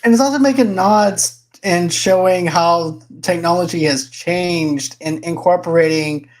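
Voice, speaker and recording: A co-host on a casual podcast chat, explaining a point in a measured way. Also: medium pitch.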